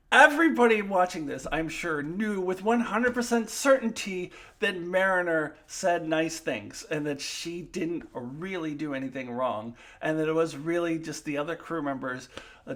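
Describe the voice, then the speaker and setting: Woman doing a solo episode review, lots of uh and um, gets loud and emphatic when something bugs her. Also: low voice. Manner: frequent fillers and restarts.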